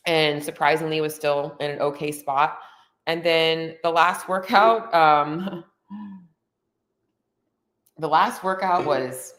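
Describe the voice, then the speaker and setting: A podcast host with a deep, slightly bright voice talks casually and candidly about her own experience in a personal monologue. She's chatty, leans heavily on "like" and "um," and becomes openly emotional.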